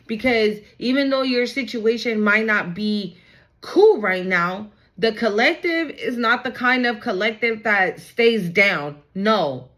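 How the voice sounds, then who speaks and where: A woman giving a casual tarot reading to her audience, talking in an animated, chatty way, swearing freely and often checking in with "okay?" and "right?". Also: a little high, measured pace. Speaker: tarot reader.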